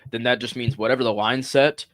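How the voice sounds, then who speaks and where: A man's voice: mid-range voice, steady tone, brisk, fairly bright tone. A man co-hosting sports talk radio, explaining things in a hesitant way and repeating himself.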